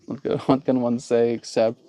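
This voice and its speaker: A man's voice: medium pitch, little pitch movement, normal speed, mellow. Playful man chatting on a live stream. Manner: playful, laughs often, mock voices for viewers. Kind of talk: casual live-stream chat reading chat messages. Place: outdoors with mosquitoes.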